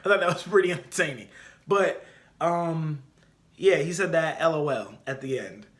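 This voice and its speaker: Opinionated man with a bright voice. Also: fairly high pitch, moderate pace. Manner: opinionated, animated, repeats points for emphasis. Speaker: podcast host. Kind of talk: casual solo podcast commentary.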